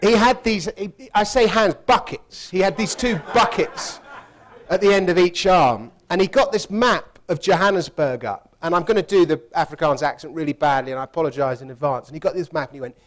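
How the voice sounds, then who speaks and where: A man's voice: high-pitched, a little fast. A man telling a funny travel story in a chatty way, laughing as he goes. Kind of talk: anecdotal storytelling talk.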